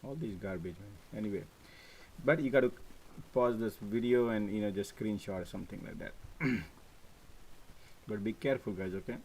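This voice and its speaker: A man hosting a casual stock market live stream, animated and repetitive, often checking "right?" with his viewers. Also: lowish voice, moderate pace, pauses often, a little hiss or hum, rough recording. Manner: animated, repeats words, frequent "right?" and "guys". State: coughing, choked up at times.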